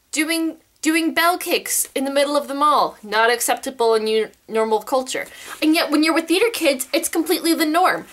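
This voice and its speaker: A woman's voice: high-pitched, fairly bright tone. A teenage girl vlogging in casual chat, telling stories in a bubbly, theatrical way.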